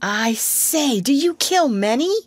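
A cautious, wide-eyed young boy, as a woman reading a storybook voices him, speaking high and a little hushed. He sounds hesitant and easily impressed. The sound is close and dry. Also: expressive, slow pace, dry recording. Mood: awed. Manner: hesitant, awed.

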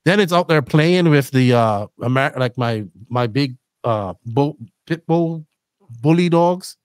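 A middle-aged man hosting a podcast, telling rambling, animated stories in casual chat. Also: mid-range voice, measured pace, dry recording, studio quality. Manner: rambling, animated storytelling with laughs. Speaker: podcast host.

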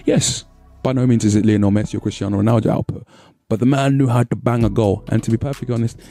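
Gravelly English man hyping football history. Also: medium pitch, fairly even intonation, fast, warm tone, soft background music. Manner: slangy, hype, joking. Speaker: host. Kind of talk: casual history vlog narration.

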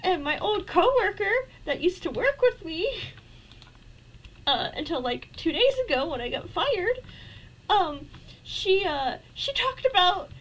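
A young woman streams a game in casual talk, jittery and frightened, rambling nervously and suddenly shrieking at spiders. Her voice is extremely high and fairly bright, with big pitch swings and a slightly slow pace. The recording is low quality.

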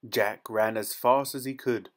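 A man reading a fairy tale aloud in a steady, expressive storytelling manner. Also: medium pitch, unhurried.

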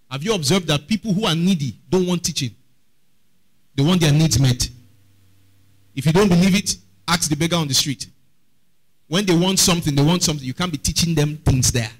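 High-voiced pastor preaching. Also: male voice, a bit bright, poor audio. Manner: preaching with rhetorical questions to the congregation. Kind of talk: sermon.

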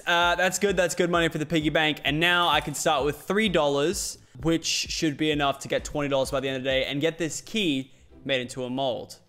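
A man's voice: on the high side, bright, forceful tone. Young man narrating his gameplay. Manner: swears often, talks through his plans aloud. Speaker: gaming YouTuber. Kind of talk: casual let's-play commentary.

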